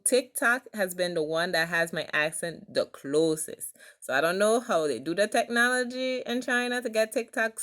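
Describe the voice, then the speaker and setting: Young female vlogger, French accent, low voice, bright tone, casual rambling chat. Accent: French-accented English. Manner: chatty, grateful, rambling with restarts. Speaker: vlogger and streamer.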